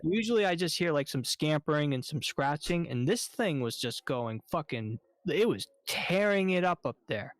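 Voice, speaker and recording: A man telling a story on a stream in casual chat, animated and swearing often. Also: on the high side, moderate pace, hardly any pauses, no room sound, clean studio sound.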